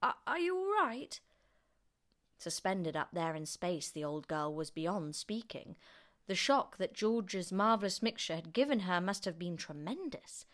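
A woman reading a children's book aloud as an expressive storyteller. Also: on the low side, a little slow. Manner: expressive, animated narration.

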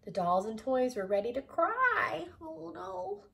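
A woman's voice: a little high, very animated, unhurried, bright, forceful tone. A woman reading a children's storybook aloud, adding laughing asides to her listeners. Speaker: storybook reader.

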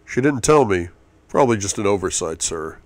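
A man reading the lines of a calm, formal male bodyguard in an amateur audiobook, polite and clipped. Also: lowish voice, brisk, no echo, lightly acted. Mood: deferential.

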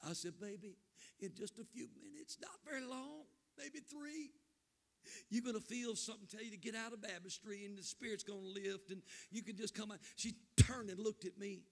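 An older man preaches in a church sanctuary, his voice sitting high with a gravelly rasp. His words ring out into a long hall reverb. He talks with fervent emotion and draws out his phrases. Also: normal speed. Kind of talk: emotional revival sermon storytelling.

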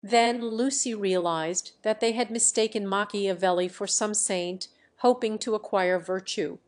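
A woman narrating a classic novel aloud in an even, scripted reading for language learners. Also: medium pitch, measured pace. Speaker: audiobook narrator.

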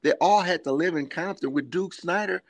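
A man's voice: high-pitched, fairly quick. An older man, a former ballplayer, telling rambling anecdotes in a live video interview, acting out the voices of people in his stories and laughing often. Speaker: former baseball player, guest. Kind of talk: animated storytelling in a live interview.

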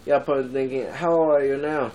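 A man's voice: mid-range voice, steady tone, fast, darkish tone, rough recording. A man in his twenties, rambling casually in a vlog and laughing often. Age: 20s. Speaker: vlogger.

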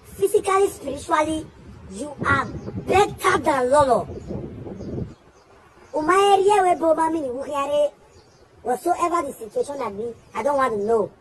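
Speaking to the camera, a Nigerian woman scolds someone on a friend's behalf, shooting off repeated questions emphatically. Her high voice has lively intonation and a moderate pace with long pauses, over a noisy background.

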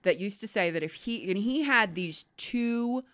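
A woman co-hosting a podcast, reading listener emails aloud and telling stories in a lively, swearing, laughing way. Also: mid-range voice, moderate pace, dry recording, studio quality. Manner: animated storyteller, swears freely, laughs often. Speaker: podcast co-host.

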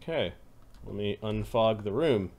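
A man running a tabletop game as game master, describing rooms and clues in an unhurried way and chuckling between details. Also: fairly low pitch, animated, darkish tone.

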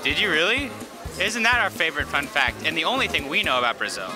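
A man's voice: fairly high pitch, very animated, fast, rough recording. A man working as a roving reporter at a busy school event, joking and teasing the people he interviews. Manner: goofy, teasing, jokey. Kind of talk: playful on-the-street interviews. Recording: crowd and music noise. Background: music and crowd chatter.

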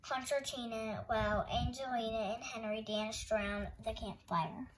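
Gentle woman reading a children's story. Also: fairly high pitch, fairly even intonation, normal speed, noisy background. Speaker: storytime host reading a picture book. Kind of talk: children's read-aloud narration.

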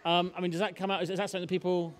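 A man's voice: sits high, little pitch movement, rapid-fire. Chatty male interviewer. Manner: chatty, fumbling questions. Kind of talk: hosting an interview panel.

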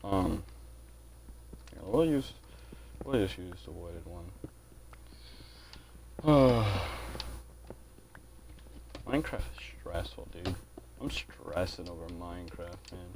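A man's voice: deep voice, lively intonation, slow pace, pauses often, a little mellow, a little hiss or hum. A man giving casual gameplay commentary as a channel host, grumbling, swearing a lot and saying dude.

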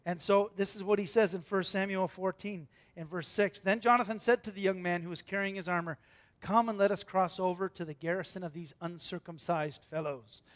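Pastor, male, high-pitched, animated sermon delivery with acted-out voices, loud-to-hushed swings. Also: fairly quick. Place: church.

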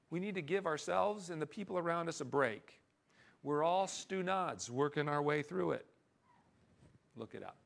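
A middle-aged man preaching a sermon as pastor, earnest and emphatic, dropping into quiet confessional stretches. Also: high voice, big pitch swings, measured pace, creaky.

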